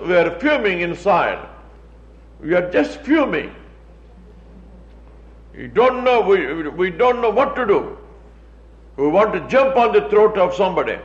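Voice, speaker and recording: A man preaching a sermon, emphatic and repetitive, with mocking asides. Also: high voice. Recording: dull, echoey room sound.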